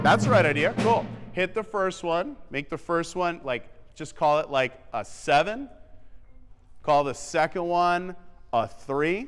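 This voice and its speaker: A man coaching a wind band in rehearsal, briskly counting off and singing the rhythms to show them. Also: a little high, animated, fairly bright tone, smooth, faint music behind. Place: theatre stage. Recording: long theatre reverb with faint band.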